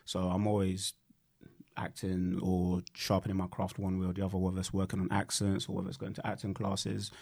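A man's voice: sits low, completely flat delivery, fairly quick, gravelly, darkish tone. A man chatting casually about acting work, laid-back and repeating words as he thinks. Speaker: actor guest. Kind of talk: casual chat.

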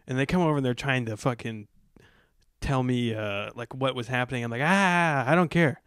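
A man's voice: medium pitch, steady tone, a little fast, clear, resonant tone, dry recording, studio quality. A man hosting a podcast, telling a story in a laid-back, rambling way. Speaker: podcast host. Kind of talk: casual storytelling chat.

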